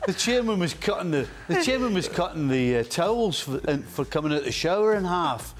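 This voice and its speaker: Animated man telling football stories. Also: on the high side, a little fast, few pauses, heavy background noise. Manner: animated storyteller who laughs and acts out quotes. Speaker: football pundit, former player. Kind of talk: casual panel chat, anecdotes.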